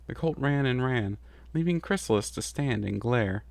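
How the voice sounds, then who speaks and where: A man's voice: medium pitch, lively intonation, normal speed, vocal fry, no echo. Man reading a rhyming story. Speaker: story reader. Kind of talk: scripted narration.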